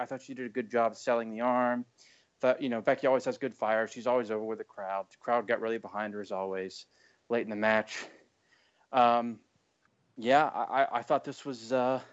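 A man co-hosting a wrestling podcast, reviewing a match in a halting, easygoing way with many fillers. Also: medium pitch. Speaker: podcast co-host. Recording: dull, lo-fi audio.

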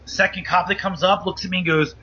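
A man telling a wild story as a guest, animated and profane, acting out the voices of the people in it. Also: high voice, quick pace, a little hiss or hum. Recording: muffled lo-fi audio.

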